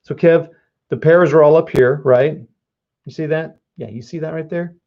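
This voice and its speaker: A man's voice: a little high, moderate pace, muffled recording. A man streaming a board wargame live, joking, mocking himself and talking to his viewers. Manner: joking, self-mocking, talks to chat. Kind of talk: casual live-stream commentary.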